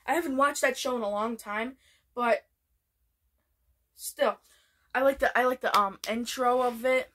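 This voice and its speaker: A woman's voice: fairly high pitch, unhurried, pauses often, fairly bright tone, a little hiss or hum. A woman chatting casually in a vlog, rambling with many restarts. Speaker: vlogger. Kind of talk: casual vlog chat ranking TV shows.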